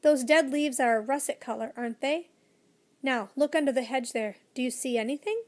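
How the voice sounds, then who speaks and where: A woman's voice: sits high, a little fast, natural voice. A woman voicing a kindly, proud old male professor, emphatic and cheerfully lecturing in a storybook reading.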